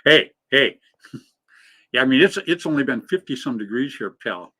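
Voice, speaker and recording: Bright-voiced joking middle-aged man. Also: medium pitch, animated, normal speed, breathy edge. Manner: jokey, laughs easily, rambling. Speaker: co-host of a live paintball show. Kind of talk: casual live-stream banter.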